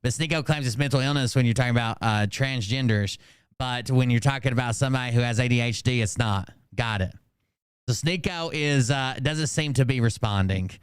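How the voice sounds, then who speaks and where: A man talking through clips on a live stream, sarcastic and rambling, with frequent uh and um. His voice is smooth and resonant, recorded close and dry with no room sound. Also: medium pitch, a little fast, dry recording. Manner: reads quotes aloud, sarcastic asides, frequent fillers. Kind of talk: casual commentary.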